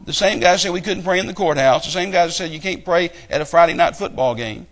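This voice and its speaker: A middle-aged man preaching a sermon, telling stories and building to loud, emphatic outbursts. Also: fairly high pitch, fast talker. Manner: animated storytelling with rising outbursts.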